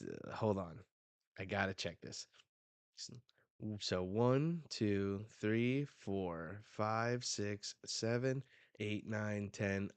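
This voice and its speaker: A man reacting on a live stream as he reads a manga, talking casually and excitedly into a close desk mic. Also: lowish voice, smooth, dry recording.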